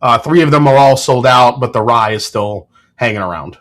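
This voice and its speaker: A man hosting a casual livestream, talking in a relaxed, rambling way and reading viewer comments aloud, with plenty of fillers and restarts. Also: medium pitch, moderate pace. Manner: frequent fillers and self-corrections. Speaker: whiskey reviewer and channel host.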